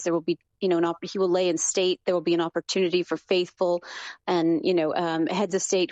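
A woman's voice: fairly low pitch, a little mellow, no echo, muffled recording. A woman Vatican correspondent speaking live from Rome in a news interview, filling her sentences with "um" and "you know". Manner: frequent fillers, many "you know"s. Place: remote line from Rome.

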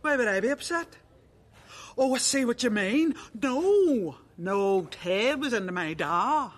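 A woman doing an excitable chatty middle-aged woman. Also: fairly high pitch, measured pace. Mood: excited.

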